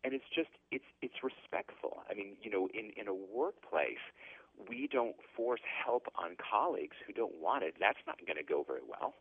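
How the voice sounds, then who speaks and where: A man's voice: fairly low pitch, expressive, normal speed, slightly rough, dry recording. A middle-aged man, a guest author, explaining ideas earnestly in a casual interview over the phone, often restarting his sentences. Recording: tinny phone line.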